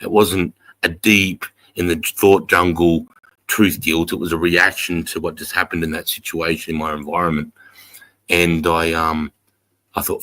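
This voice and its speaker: A middle-aged Australian man hosting a livestream, telling a long story in a rambling, profane, animated way. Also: low-pitched, unhurried. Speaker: livestream host.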